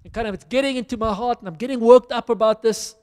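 A man's voice: very high-pitched, fast, darkish tone. A man with a South African accent preaching a conversational, storytelling sermon with self-deprecating asides. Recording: reverberant hall.

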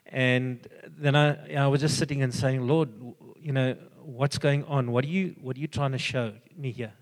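An older man giving an earnest, halting personal testimony full of fillers and restarts. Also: mid-range voice, fairly even intonation, in a large hall. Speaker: church member giving a testimony.

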